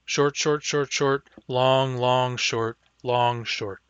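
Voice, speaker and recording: A man teaching a language class online, sounding out words slowly and carefully, syllable by syllable. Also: medium pitch, fairly even intonation, a bit bright, smooth, no echo, muffled recording. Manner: slow, careful, deliberate pronunciation.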